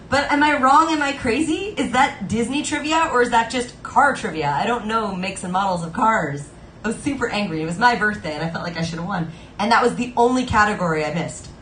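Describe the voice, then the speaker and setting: A woman's voice: medium pitch, fairly bright tone, slight background noise. A woman hosting a live stream, chatting playfully between songs and laughing often as she tells stories. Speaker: livestream singer and host. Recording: roomy sound with guitar playing behind.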